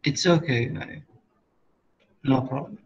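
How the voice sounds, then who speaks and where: A man teaching an English class, explaining slowly with pauses and fillers, sometimes switching to Arabic. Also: medium pitch, husky, muffled recording. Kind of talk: online class lesson.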